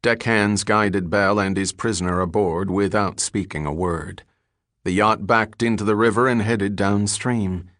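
A man narrating an audiobook in an even, steady storytelling manner. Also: lowish voice, a little slow, no room sound, studio quality. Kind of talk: scripted narration.

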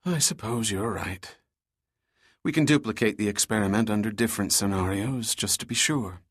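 A man narrating an audiobook voices Lisa, a female chemist who speaks in a quick, earnest way. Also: fairly low pitch, husky, dry recording, clean studio sound. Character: female chemist, eager but conscientious.

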